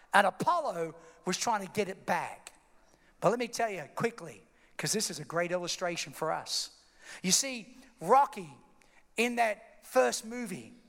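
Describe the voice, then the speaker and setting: A man's voice: high-pitched, gravelly, pushed and bright. A man preaching a sermon, dramatically retelling a story and acting out its scenes. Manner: dramatic, emphatic, acts out scenes. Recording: long hall reverb.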